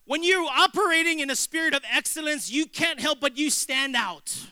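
A man preaching a sermon as a pastor, telling lively stories with humor and acted-out dialogue. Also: very high-pitched, moderate pace, no room sound. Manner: animated storytelling preacher, jokes and acted-out dialogue.

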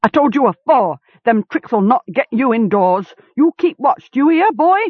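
A woman's voice: a little high, sing-song, moderate pace, slightly rough, no room sound, pitched above the performer's own voice. A woman voicing a harsh rustic male farmer who barks threats in country dialect, over a tinny line. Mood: angry. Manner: barking orders in country dialect. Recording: tinny phone-like sound.

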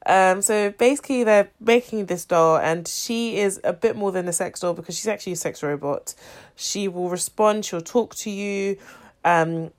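A woman's voice: medium pitch, normal speed. A woman co-hosting a podcast, chatting casually about a documentary, opinionated and full of filler words. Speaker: podcast co-host. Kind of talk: casual chat reviewing a documentary.

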